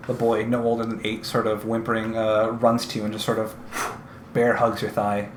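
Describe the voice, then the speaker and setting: A man running a tabletop game as game master, narrating in a halting way with many fillers. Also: lowish voice, completely flat delivery, echoey room, slight background noise.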